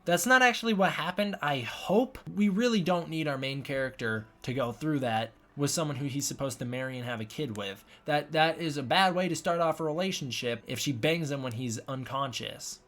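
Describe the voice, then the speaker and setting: A man's voice: mid-range voice, animated, a little fast, hardly any pauses, a bit bright. A man giving a casual spoken film review, rambling and often restarting his sentences. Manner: rambling, repeats and restarts himself.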